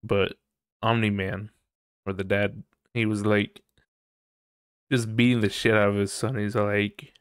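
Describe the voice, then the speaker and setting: Low-voiced man rambling on a podcast. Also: lively intonation, takes it slowly, long pauses, a bit bright, no room sound, studio quality. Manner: rambling, laughs often, swears casually. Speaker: podcast host. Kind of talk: casual solo podcast chat.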